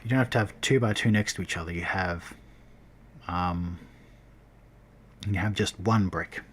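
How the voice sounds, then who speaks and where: Low-voiced man rambling through a tutorial. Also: unhurried, fairly bright tone, a little hiss or hum. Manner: rambling, self-correcting, talking while working. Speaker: game developer streamer. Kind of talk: casual tutorial livestream.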